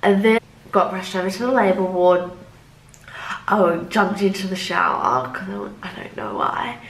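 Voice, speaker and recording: Young woman vlogger, casual rambling storyteller, mid-pitched voice, heavy "like" filler, roomy echoey sound. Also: lively intonation, measured pace. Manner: chatty, loose, heavy use of "like" as filler. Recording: roomy echo.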